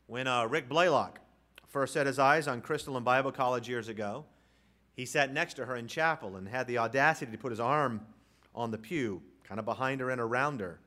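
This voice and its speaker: A male preacher delivers a sermon in a church sanctuary. He reads scripture in slow, deliberate phrases and swings between ringing emphasis and quiet, low-pitched lines. His voice sits at an ordinary pitch for a man.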